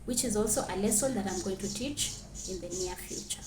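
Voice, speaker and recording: A woman teaching a grammar lesson, clearly reading out French example sentences and then translating them. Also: medium pitch, a little fast, reverberant, a crowd in the background.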